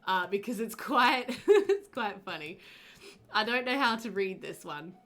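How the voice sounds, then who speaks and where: A woman's voice: mid-range voice, sing-song, a little slow, a bit bright. A woman streaming a murder mystery game, thinking aloud in a chatty, giggly way. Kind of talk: casual game commentary.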